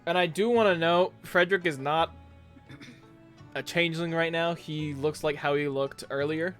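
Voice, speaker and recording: A man narrating as game master of a tabletop role-playing game, relaxed and rambling with fillers. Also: fairly high pitch, moderate pace, soft background music.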